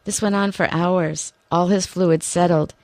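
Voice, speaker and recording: Soft-spoken woman radio host. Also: lowish voice, steady tone, unhurried, no echo. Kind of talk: radio interview.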